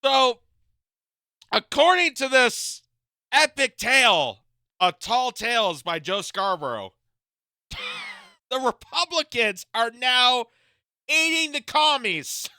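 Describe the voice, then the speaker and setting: A man with a high, bright and very lively voice, mocking and incredulous as he rants through a political reaction commentary. He sounds clear and smooth, close on a dry mic. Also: takes it slowly, long pauses, dry recording. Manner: mocking, incredulous, laughs often.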